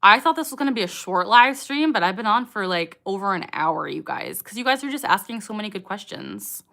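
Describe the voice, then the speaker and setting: A woman's voice: mid-range voice, animated, fairly quick, gravelly, pushed and bright. A young woman hosting a late-night livestream, reading chat questions aloud and answering in a chatty, giggly way with lots of fillers. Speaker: livestream host.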